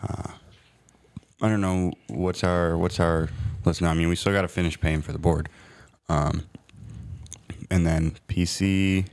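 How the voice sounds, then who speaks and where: Deep-voiced man with dry remarks. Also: flat delivery, measured pace, long pauses, darkish tone. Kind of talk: casual chat.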